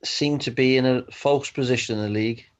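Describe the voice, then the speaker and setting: A man's voice: medium pitch, steady tone, a little fast. A man co-hosting casual chat on a football game stream, making dry, wry remarks. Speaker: co-host.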